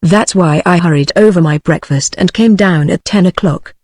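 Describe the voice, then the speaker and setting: A text-to-speech voice with a British English accent reading the lines of a brisk young male newspaper reporter in an audiobook. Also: sits high, no room sound, studio quality. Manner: even, measured text-to-speech delivery.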